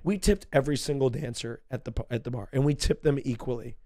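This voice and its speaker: A man's voice: medium pitch, fast, mellow. A drunk man chatting on a podcast, rambling, repeating himself and sounding giddy. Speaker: podcast guest. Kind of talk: casual podcast chat.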